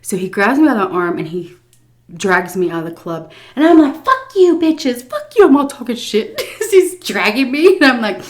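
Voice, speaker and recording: A woman's voice: mid-range voice, animated, normal speed. A woman vlogger telling a casual story-time tale, laughing often, blunt and profane, and embarrassed at herself. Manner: self-mocking, embarrassed confessional tone.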